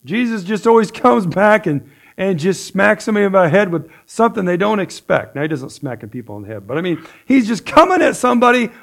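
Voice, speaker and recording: A man's voice: sits high, big pitch swings, a little fast, vocal fry, fairly bright tone. A man teaching a casual sermon, conversational, reading scripture aloud and then explaining it in his own words. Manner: conversational, with frequent "right?" and restarts. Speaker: pastor.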